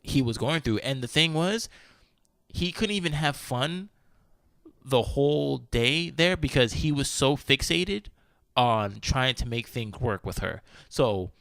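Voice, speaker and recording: A man hosting a podcast, telling a story in casual chat, animated, full of "like" and swearing freely. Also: medium pitch, unhurried, gravelly, no echo. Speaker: podcast host.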